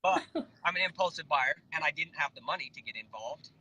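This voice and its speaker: Man, casual animated storytelling, bright forceful voice, slightly high, faint background noise. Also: brisk, rough recording. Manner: animated, impulsive storyteller quoting others. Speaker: network marketing distributor. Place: Facebook Live broadcast.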